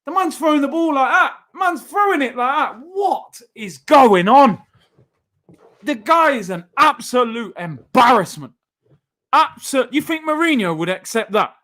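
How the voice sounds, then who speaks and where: A man, hosting a live football watchalong with frustrated, animated outbursts at the play. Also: very high voice. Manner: frustrated, animated fan reactions, loud outbursts. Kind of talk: live match watchalong reaction.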